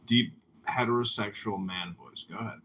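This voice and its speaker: A man's voice: lowish voice, normal speed, sharp tone. A man hosting a casual podcast chat, teasing his co-hosts and directing them into voice games.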